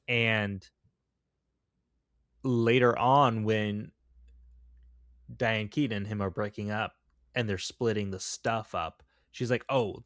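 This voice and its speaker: A man with a somewhat low voice talks through a movie on his podcast, chatty and opinionated, dotting his talk with "like" and "you know." The sound is dry and close, with no room around it. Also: fairly bright tone, no room sound. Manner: chatty, opinionated, lots of fillers. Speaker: podcast co-host. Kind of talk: casual film discussion.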